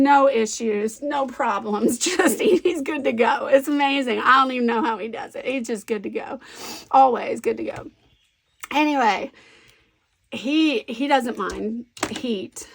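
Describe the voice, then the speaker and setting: Woman, 50s, slightly high voice, casual rambling crafter who laughs a lot. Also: creaky. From Virginia, US. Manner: rambling, animated storyteller who laughs often. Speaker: scrapbooking vlogger. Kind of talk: chatty crafting vlog.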